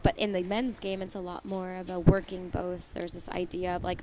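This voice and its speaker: A woman's voice: on the low side, little pitch movement, normal speed. A woman giving live color commentary on a squash match, often acting out players' thoughts in quotes. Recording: noisy venue audio.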